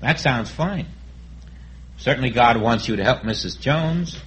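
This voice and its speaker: A man giving a sermon as a spiritual teacher, speaking in a calm, reflective way and acting out inner dialogues. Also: mid-range voice, a little slow, rough recording.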